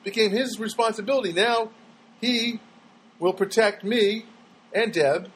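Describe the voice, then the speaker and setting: A man's voice: high voice, unhurried, breathy edge, poor audio. A man telling a rambling comic monologue at home, stammering and restarting as he goes. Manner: rambling, stammering, animated storytelling.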